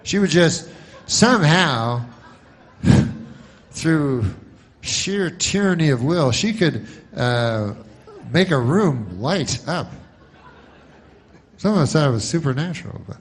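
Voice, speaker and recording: A man doing a stand-up comedy monologue, deadpan and rambling through long setups. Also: fairly high pitch, slow, long pauses.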